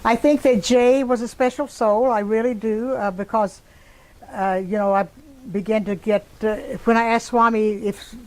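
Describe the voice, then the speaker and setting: A woman's voice: a little high, fairly even intonation, moderate pace, poor audio. An older woman with a Texan accent, telling a personal story in a rambling way and acting out the voices of the people in it. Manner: rambling, acts out quoted voices. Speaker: interviewee.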